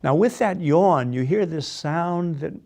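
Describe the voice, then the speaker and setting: A man's voice: on the high side, animated, unhurried, a little mellow. A man leading a guided voice exercise class, patiently coaching and demonstrating yawns and sung tones. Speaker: voice and speech exercise instructor.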